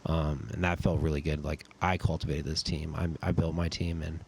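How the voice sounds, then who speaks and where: A young man, a podcast guest and army sergeant, telling stories in a relaxed, casual way, full of "dude" and "like.". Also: extremely low pitch, a little fast, vocal fry, slight background noise. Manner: laid-back, says "dude" and "like" a lot. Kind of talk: casual storytelling chat.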